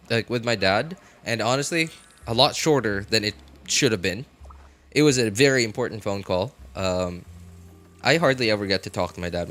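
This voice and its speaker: A man's voice: fairly low pitch, fairly bright tone. A man live-streaming a game, chatting casually with his viewers, often laughing and talking straight to chat. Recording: faint music behind.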